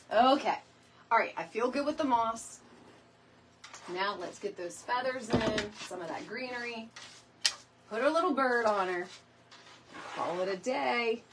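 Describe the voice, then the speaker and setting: A chatty middle-aged woman rambles to her live-stream viewers as she works on a craft project. She calls them y'all, drifts between asides, and stops now and then to cough. A faint hiss of noise sits behind her voice. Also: mid-range voice. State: lingering cough. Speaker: DIY crafting host. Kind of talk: casual live-stream chat while crafting.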